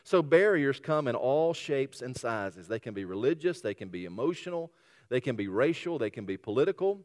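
A man's voice: mid-range voice, very animated, moderate pace, darkish tone. A pastor preaching a sermon, emphatic and repetitive, asking his listeners rhetorical questions. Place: church sanctuary. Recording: long hall reverb.

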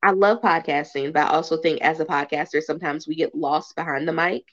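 A woman in her thirties talking candidly as a podcast guest in casual chat, with relaxed delivery and plenty of fillers. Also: deep voice, brisk. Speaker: podcast guest, event organizer. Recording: dull lo-fi audio.

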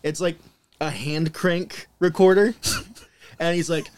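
A man's voice: a little high, steady tone, takes it slowly, darkish tone, clear, resonant tone, no room sound. A man co-hosting a casual chat, presenting research with wry asides. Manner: reads out sources with wry asides. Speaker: podcast co-host presenting research.

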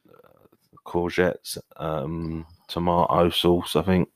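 Deep-voiced man in casual podcast chat. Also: level tone, takes it slowly, no room sound, studio quality. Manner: chatty, trying out accents. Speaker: podcast co-host.

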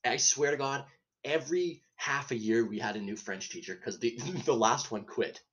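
A man on his podcast tells a comic story in a meandering, profane style, interrupting himself often and laughing at what he's describing. He has a medium-pitched, fairly bright voice at a moderate pace, and the sound is lo-fi.

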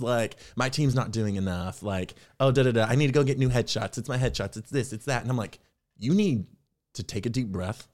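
A young man speaks candidly as an interview guest. His voice sits a bit low. He reflects, then grows animated when he acts out his own past thoughts. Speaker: actor and podcast guest. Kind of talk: conversational interview storytelling.

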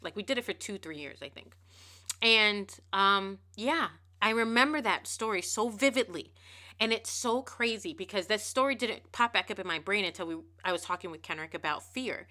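A woman in her thirties hosting a podcast, telling a personal story in a candid, animated way and swearing freely. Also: medium pitch. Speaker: podcast host. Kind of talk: casual storytelling monologue.

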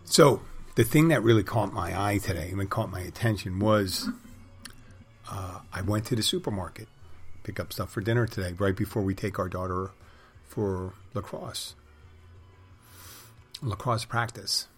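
A middle-aged man with a very low, husky voice talks in a loose, rambling way. His humor is wry and crude, and faint music plays under him. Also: measured pace. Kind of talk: rambling casual monologue.

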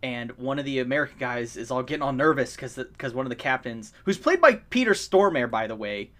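A man's voice: medium pitch, lively intonation, a little fast, fairly bright tone. A man in casual podcast chat, rambling and laughing as he retells movie scenes.

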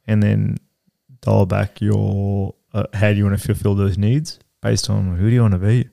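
A man's voice: on the low side, level tone, moderate pace, vocal fry, warm tone. A man in his thirties co-hosting a podcast in casual chat, rambling with fillers and casual swearing. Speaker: podcast co-host.

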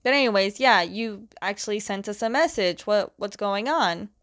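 A woman's voice: mid-range voice, expressive, normal speed, fairly bright tone, dry recording, clean studio sound. A woman casually retelling a plot, chatty, often laughing and acting out the quotes. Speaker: episode recapper.

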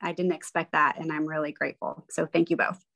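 A woman fitness coach talking casually as a podcast guest. She rambles and fills pauses with lots of ums. She slips into playful voices when she quotes someone. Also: deep voice, level tone, creaky, pushed and bright. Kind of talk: casual chat.

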